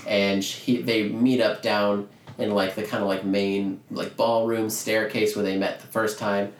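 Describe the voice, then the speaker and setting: A lower-voiced man talks through a movie plot in casual chat, now and then jumping into the characters' lines. His voice carries a roomy echo, as if he were in a bare room. He sounds relaxed and conversational. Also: a little hiss or hum. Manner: animated retelling, acting out lines with quick voice changes.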